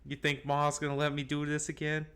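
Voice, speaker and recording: Young farm girl, timid, cheerful, soft wavering voice, raised pitch, man doing the voice. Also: completely flat delivery, fairly quick, smooth, close to an everyday voice.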